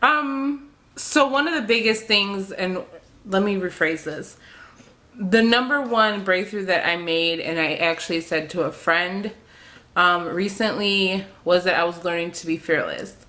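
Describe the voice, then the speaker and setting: A woman's voice: mid-range voice, a little slow, sharp tone. A young woman talking in an emotional confessional vlog, hesitant and rambling, with many fillers and restarts, near tears. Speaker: beauty vlogger.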